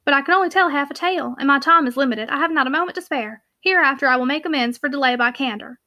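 A grave young mill owner, courteous but guarded, with each line kept in check, read by a woman. The voice sits high and bright for a man, and the words come measured and restrained. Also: exaggerated voice. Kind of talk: audiobook character reading.

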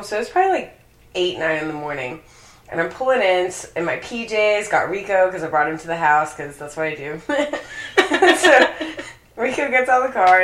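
A woman's voice: on the low side, a bit bright. A young woman telling a story in casual chat, swearing and laughing often. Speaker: co-host. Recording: echoey room.

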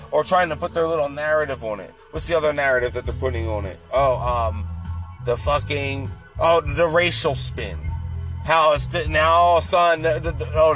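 A man's voice: on the high side, fairly bright tone. A man delivering a heated, profane political rant in a casual monologue. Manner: heated, profane, repetitive ranting. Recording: faint music behind.

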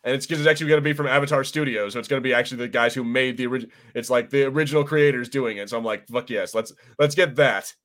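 A man's voice: mid-range voice, steady tone, very fast, few pauses, fairly bright tone. A man co-hosting a podcast in casual chat, rambling with many restarts and swearing freely. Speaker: podcast co-host.

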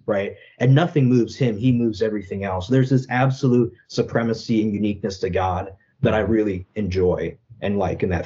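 Earnest young Catholic man, low mellow voice. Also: highs cut off. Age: young adult. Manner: earnest, thoughtful, many "right?" and "you know" fillers. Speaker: Catholic apologist guest. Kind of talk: reflective interview conversation.

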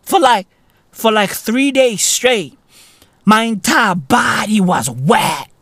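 A man from South Africa hosts a podcast in a profane, comic rant, dropping "bruv" every other line. His pitch leaps about with lots of life while he talks at an unhurried pace. The sound is dry and close. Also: animated, vocal fry, fairly bright tone, dry recording. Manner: profane, slangy, calls listener "bruv". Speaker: podcast host. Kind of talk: comedic rant.

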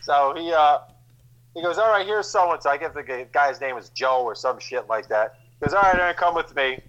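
Guy, slightly high voice, profane storyteller who acts out the dialogue. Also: expressive, fairly quick, a bit bright, lo-fi sound. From New Jersey. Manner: profane, loose, acts out quoted lines. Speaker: guest actor. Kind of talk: casual storytelling.

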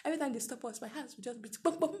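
Animated Nigerian woman, brightly pitched. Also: very fast, a crowd in the background. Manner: animated, laughing, theatrical exclamations. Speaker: podcast co-host. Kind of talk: casual chat.

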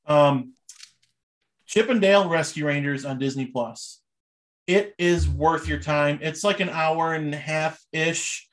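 A man's voice: a little high, slow pace. A young man co-hosting a casual podcast, chatting loosely about sports and movies and laughing often. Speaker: podcast co-host.

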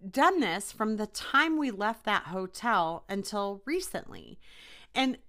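A young woman hosts a podcast and recounts a personal experience in a loose, chatty way, full of "like" and "you know." Her pitch moves a lot and her tone is bright. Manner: chatty, animated retelling with frequent fillers. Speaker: podcast host. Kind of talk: casual storytelling.

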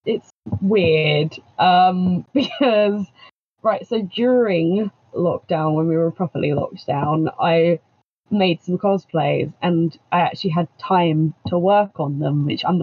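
A chatty woman talking about cosplay, laughing often and poking fun at herself. Her voice is husky. The audio comes through dull and lo-fi. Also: lowish voice, measured pace. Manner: chatty, laughs a lot, self-deprecating. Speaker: cosplayer guest. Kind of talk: casual chat on a live stream.

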